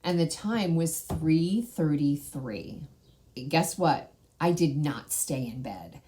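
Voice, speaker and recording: A woman's voice: sits low, animated, takes it slowly, dark tone. A woman host sharing a personal spiritual testimony in a conversational way, often asking "right?".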